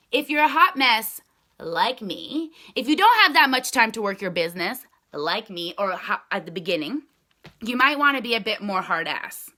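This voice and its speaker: A woman's voice: on the high side, bright, forceful tone. A woman who leads a direct sales team, chatting casually and in a rambling way with viewers on a live stream.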